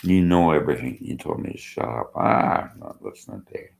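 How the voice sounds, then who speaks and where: Very deep, gravelly older man. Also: sing-song, brisk, a little mellow. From Canada. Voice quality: slurred-sounding speech. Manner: bitter, argumentative. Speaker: vlogger. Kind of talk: rambling rant to camera.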